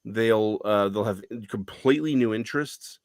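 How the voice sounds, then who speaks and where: Chatty male guest, animated, low-ish voice, dry close sound. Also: moderate pace, dry recording. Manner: lively, talkative, frequent self-corrections. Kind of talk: casual conversation.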